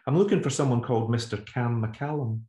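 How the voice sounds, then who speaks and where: A man's voice: medium pitch, moderate pace, mellow, voice pushed up, lightly acted. A man doing a nervous, overly polite boy. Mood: nervous politeness. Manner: nervous, stiffly formal. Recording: roomy echo.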